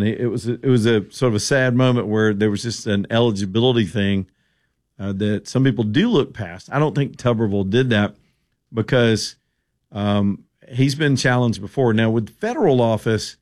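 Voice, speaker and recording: Opinionated man hosting talk radio. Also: fairly low pitch. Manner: opinionated, rambling, sarcastic asides. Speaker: radio talk show host. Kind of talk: casual political commentary.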